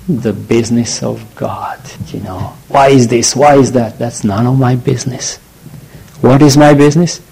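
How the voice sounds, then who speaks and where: Male preacher, earnest and halting sermon delivery, warm mellow tone. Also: medium pitch, rough recording. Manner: halting, searching for words, earnest.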